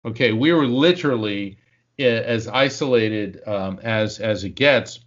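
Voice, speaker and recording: A man's voice: on the low side, a little slow, highs cut off. A man, a psychic medium, telling a long anecdote in conversation, acting out the quotes, with plenty of fillers. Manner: animated storyteller, acts out quotes, frequent fillers.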